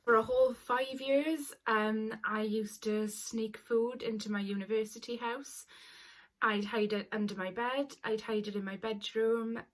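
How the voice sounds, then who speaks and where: A woman's voice: on the high side, steady tone, a little slow. A young woman in her twenties telling a personal story to camera, earnest and apologetic, tearful at times. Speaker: vlogger.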